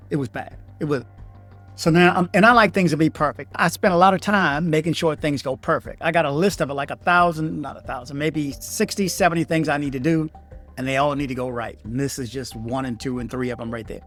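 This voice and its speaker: A middle-aged man from Washington, D.C., with a D.C. accent, telling a travel horror story in a heated, animated vlog rant. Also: on the high side. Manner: animated, heated, acts out texted exchanges in raised voices. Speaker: vlogger.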